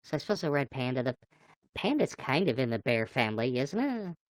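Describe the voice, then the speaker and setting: A woman's voice: rumbling low, sing-song, a little fast, no echo. A woman livestreamer chatting casually and playfully with her viewers, greeting them by name. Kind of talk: casual live chat with viewers.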